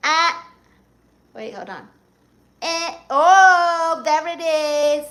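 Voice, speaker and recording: A man's voice: extremely high pitch, measured pace, full character voice. A man doing a sassy Spanish-accented auntie. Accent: Spanish-accented English. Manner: brassy, teasing, dramatic, greets fans warmly. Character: sassy, flirty middle-aged Latina aunt. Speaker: livestream host. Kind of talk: in-character live-stream comedy chat.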